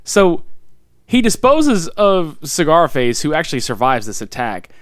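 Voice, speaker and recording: An animated man in casual podcast chat, his pitch leaping up and down as he swears and laughs his way through a movie scene. The sound is dry and close, with no room around it. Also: measured pace, no echo. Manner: animated, profane, laughs often. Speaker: podcast co-host.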